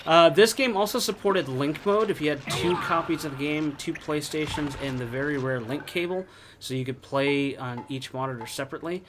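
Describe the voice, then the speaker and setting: A man's voice: fairly high pitch, normal speed, background noise. A man chatting casually while reviewing an old fighting game, rambling with lots of fillers and restarts.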